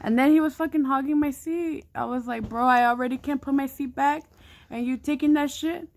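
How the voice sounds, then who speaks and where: A woman's voice: sits high, brisk. A young woman co-hosting a vlog, talking casually and teasing her friend. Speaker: vlogger. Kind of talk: casual chat.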